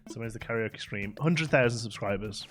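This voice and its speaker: Chatty man streaming a game. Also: on the low side. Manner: chatty and rambling, laughs often, hums and sings snippets. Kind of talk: casual chat while playing a game live.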